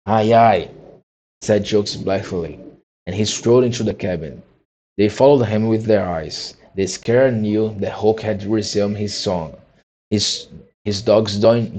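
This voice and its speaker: A man's voice: on the low side, warm tone, poor audio. A man reading a classic children's novel aloud, often stopping to restart and re-read phrases. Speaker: audiobook reader. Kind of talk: amateur storybook reading.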